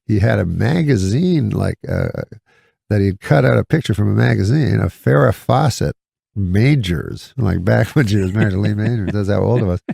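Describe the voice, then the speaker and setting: Gravelly deadpan storyteller, rambling. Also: male voice, fairly low pitch, normal speed, no room sound, clean studio sound. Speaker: comedian guest. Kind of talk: casual anecdote on a podcast.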